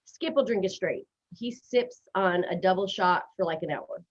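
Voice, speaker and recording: A woman hosting a casual live stream, talking fast and chatty and giggling at herself. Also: mid-range voice, animated. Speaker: host. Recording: dull lo-fi stream audio.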